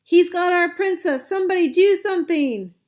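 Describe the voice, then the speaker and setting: A woman voicing a brave young man, shouting urgently, anxious but determined. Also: a little high, lively intonation, measured pace.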